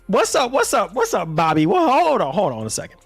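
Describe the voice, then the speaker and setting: Man, streamer, taunting, repetitive, slow drawn-out delivery, lively pitch, faint background music, dry sound. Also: vocal fry, breathy edge, no echo.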